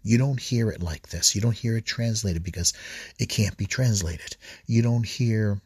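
A man preaching an earnest, repetitive reflection on scripture readings for a podcast, often restarting phrases and clearing his throat. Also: fairly low pitch, moderate pace, a little mellow, no room sound, clean studio sound.

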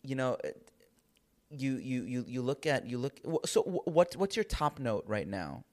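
A man's voice: medium pitch, sing-song, measured pace. A man co-hosting an interview, talking eagerly and tripping over his starts. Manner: enthusiastic, stumbles over starts. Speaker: podcast co-host. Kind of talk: casual interview chat.

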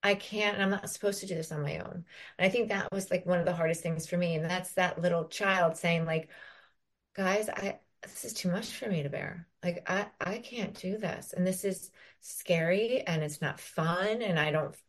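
A woman's voice: on the low side, normal speed. Reflective woman co-hosting a recovery podcast. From Ireland. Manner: reflective, frequent "like" fillers, acts out her own inner voice. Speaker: podcast co-host. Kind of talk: casual conversational podcast.

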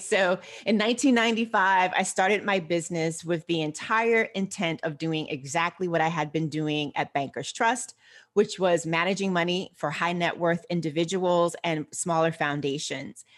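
An older woman, a financial behaviorist, telling her story as a guest in an interview in a measured, articulate way. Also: mid-range voice. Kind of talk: interview answers.

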